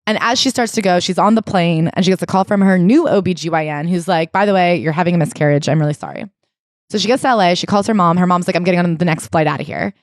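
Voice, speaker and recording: A woman co-hosting a comedic podcast, retelling a memoir and acting out the quoted lines in animated voices. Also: lowish voice, fast, dry recording. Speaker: podcast co-host. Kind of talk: comedic book recap chat.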